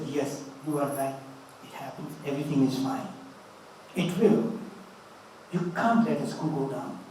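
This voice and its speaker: A man's voice: on the high side, dark tone, slight background noise. A man in his eighties giving an earnest, fatherly spiritual talk, telling stories to his listeners. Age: 80s. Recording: roomy, distant mic with faint ambience.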